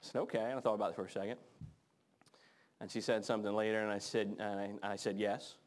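A man's voice: lowish voice, flat delivery. A man preaching a sermon, joking with the congregation about marriage, then reading and praying. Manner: joking, conversational, slows to read scripture. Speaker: pastor. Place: church in front of a congregation.

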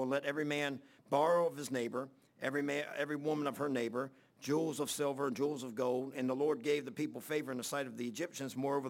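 A man preaching a sermon in a folksy, halting way with many fillers, reading scripture aloud in old-fashioned wording. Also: medium pitch. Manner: reads scripture aloud in King James wording. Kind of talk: sermon Bible teaching.

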